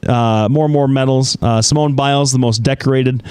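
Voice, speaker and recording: Halting man hosting a talk show. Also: mid-range voice, steady tone, darkish tone, smooth, no room sound. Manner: halting, many fillers. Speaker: co-host. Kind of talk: casual political chat.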